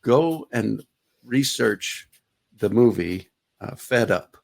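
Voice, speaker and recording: A man's voice: lowish voice, animated, takes it slowly, creaky, full character voice. A man voicing a blunt, abrasive male cab passenger with an East Coast accent, lecturing in a raised voice.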